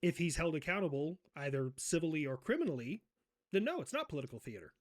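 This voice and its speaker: A man hosting a satirical comedy role-play, talking in a profane, mocking way with shouted outbursts. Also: on the high side, very animated, fast. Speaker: host.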